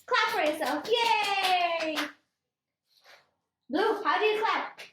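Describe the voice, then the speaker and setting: High-voiced woman coaxing her pet parrot. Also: animated, normal speed, sharp tone, reverberant, slight background noise, poor audio. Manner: coaxing, cooing baby-talk with the bird, giggly. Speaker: parrot owner and vlogger. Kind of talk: casual vlog talking to a pet.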